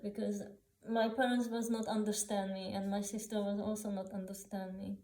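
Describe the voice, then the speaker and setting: A woman telling personal memories unscripted, halting with many restarts, fillers and non-native grammar. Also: medium pitch, flat delivery, darkish tone, roomy sound, a little hiss or hum, poor audio. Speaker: author sharing personal memories.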